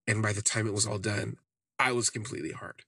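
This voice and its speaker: Talking fast in a lowish, sharp, slightly rough voice, a man on his podcast relates a personal story in a dry recording. It's casual and candid, meandering, and full of "like."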